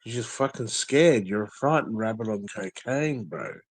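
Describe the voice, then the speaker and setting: A man's voice: lowish voice, lively intonation, normal speed, husky, no echo. Aggressive, profane man ranting. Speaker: guest. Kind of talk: angry rant in casual chat.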